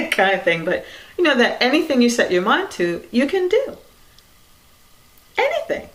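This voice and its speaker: A woman giving a reflective spiritual talk in a conversational way, with many "you know"s, soft laughs, and quiet trailing phrases. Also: medium pitch, big pitch swings, a little slow, poor audio. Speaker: dharma talk speaker.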